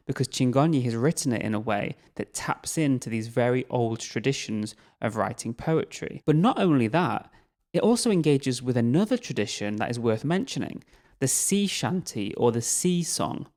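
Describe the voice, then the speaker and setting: A man's voice: medium pitch, darkish tone. Patient male literature teacher explaining. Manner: patient, explanatory, slightly tentative. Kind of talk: recorded poetry lesson.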